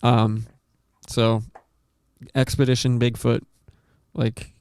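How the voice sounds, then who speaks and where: A man hosting a podcast, telling a story in a rambling, animated way with lots of swearing and acted-out quotes. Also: mid-range voice, takes it slowly, clear, resonant tone, no echo, studio quality. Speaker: podcast host. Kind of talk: casual storytelling chat.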